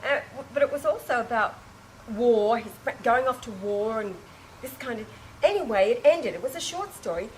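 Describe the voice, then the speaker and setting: A woman telling an emotional personal anecdote to a small group, animated and exclamatory, with frequent restarts and laughing or tearful breaks. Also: on the high side, moderate pace, slight background noise, poor audio. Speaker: storyteller recounting an experience to a small group.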